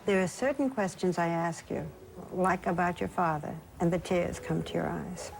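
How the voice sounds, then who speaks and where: A woman hosting a TV interview special, asking gentle, probing questions and narrating between clips. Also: on the low side, normal speed, gravelly, over music. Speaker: TV interviewer and host.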